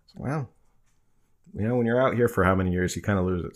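A man's voice: deep voice, fairly quick. A man from New Jersey hosting a live stream, answering viewer questions in a loose, conversational way with frequent fillers and restarts. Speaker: livestream host.

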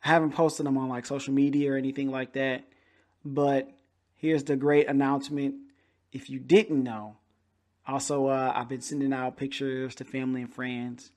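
A young adult man hosting a podcast, telling a casual story in an animated way and acting out the people he quotes. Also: mid-range voice, moderate pace. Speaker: podcast host.

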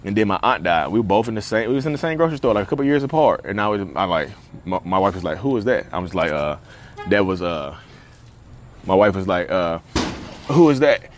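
Deep-voiced man vlogging outdoors. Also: animated, fast, slight background noise. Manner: rambling, conversational, many fillers. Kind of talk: casual talk to camera. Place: outdoors at the beach.

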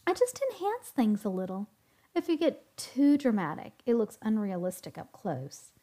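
A woman narrator voices a teasing young woman who likes giving orders, in a storybook reading. Her voice sits higher than the narration, coy and commanding. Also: sing-song, normal speed, warm tone. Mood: bossy. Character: coy, bossy young woman makeup artist.

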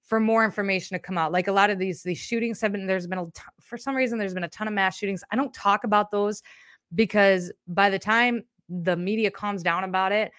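A woman's voice: medium pitch, steady tone, fairly quick, fairly bright tone, dry recording, studio quality. A woman hosting her live podcast, talking candidly and emotionally in a rambling, casual way, a bit shaken and teary. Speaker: podcast host. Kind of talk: casual live-stream monologue.

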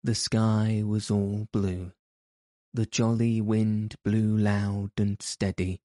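A man narrating a classic adventure novel in a measured storytelling manner. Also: on the low side, flat delivery, mellow, no room sound, studio quality. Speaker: audiobook narrator. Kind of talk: scripted narration.

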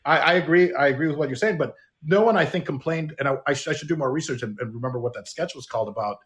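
A man's voice: on the high side, racing, a bit bright. A man in casual conversation who rambles and hesitates, with many fillers and repeated words.

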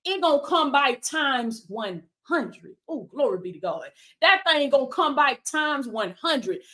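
A woman's voice: high voice, big pitch swings, a little slow, fairly bright tone. A woman preaching a motivational sermon on a livestream, calling out to viewers with "come on now" and "baby" and reading out their comments. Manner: reads viewer comments aloud. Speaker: life coach and preacher.

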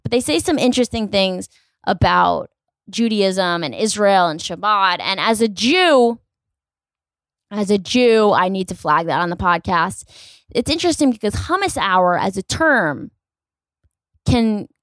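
A woman's voice: medium pitch, expressive, unhurried, no echo, studio quality. A young adult woman, a comedian hosting a solo podcast, telling rambling stories in a snarky, profane style and acting out the people in them. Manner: profane, rambling, snarky storytelling with acted-out quotes.

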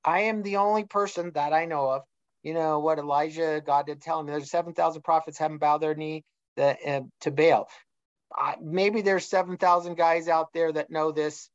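A man's voice: a little high, steady tone, moderate pace, smooth, no room sound. A middle-aged man in a casual discussion, telling a story and acting out the dialogue he quotes. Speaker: guest. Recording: dull lo-fi sound.

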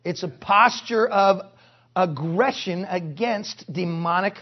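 A male pastor preaching a sermon at a conference, forceful and punctuated with joking asides. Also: high-pitched, takes it slowly, highs cut off. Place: conference hall.

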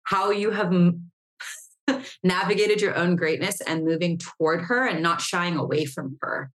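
A woman's voice: on the low side, unhurried. A woman hosting an interview, asking a question in a reflective way with many fillers. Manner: reflective, filler-heavy phrasing. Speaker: podcast host.

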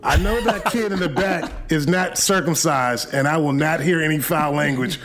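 A man's voice: fairly high pitch, moderate pace, fairly bright tone. A man hosting a prank call-in line, trading crude, profane insults with a caller in comedic trash talk.

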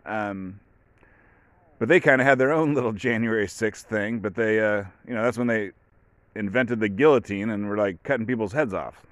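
A man's voice: medium pitch, dry recording. A man hosting a podcast, talking in a casual, rambling way with many fillers. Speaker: podcast host. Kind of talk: casual solo commentary.

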